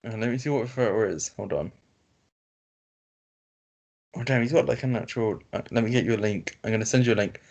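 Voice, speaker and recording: A man's voice: fairly low pitch, a little mellow. Man reading a story aloud. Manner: reads haltingly with fillers and self-corrections. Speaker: podcast co-host reading stories. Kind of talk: casual chat, reading aloud. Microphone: video call. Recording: lo-fi call audio.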